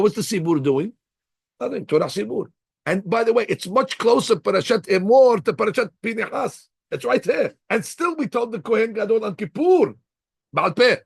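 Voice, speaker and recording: A rabbi with a fairly high, gravelly and somewhat husky voice teaches a lively class. He acts out short scenes in different voices as he explains. The sound is dry and close to the mic. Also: no echo. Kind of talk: animated Torah class.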